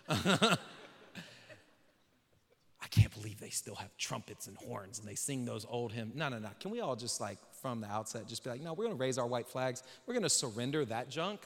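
A man, a pastor, giving a casual, joking sermon with slang that builds into emphatic preaching in a church sanctuary. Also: mid-range voice. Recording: long reverb of a large church hall.

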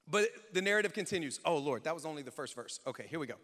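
A man preaching a sermon in a church, animated and conversational, acting out quotes. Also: a little high, rapid-fire. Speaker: pastor. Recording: long church hall reverb.

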